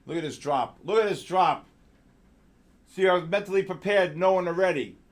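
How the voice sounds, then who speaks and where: A male trading show host giving excitable live market commentary, exclaiming and calling out viewers by name. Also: high voice, normal speed.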